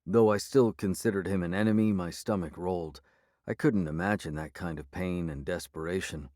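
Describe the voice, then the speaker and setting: A man narrating an urban fantasy audiobook in the first person, measured and steady. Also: low voice, dry recording, clean studio sound.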